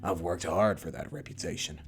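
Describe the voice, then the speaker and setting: A man voicing a calm, teasing young deliveryman with a dry, deadpan delivery. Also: low voice, normal speed, gravelly, music in the background. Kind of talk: visual novel voice reading.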